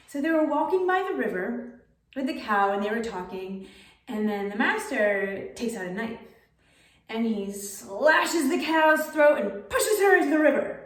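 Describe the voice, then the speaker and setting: A woman tells a folk story in a relaxed, chatty manner, slipping in little fillers. Her voice sits fairly high. The sound is roomy and the mic is some way off. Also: a little slow, pauses often, recorded from a distance. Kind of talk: spoken storytelling.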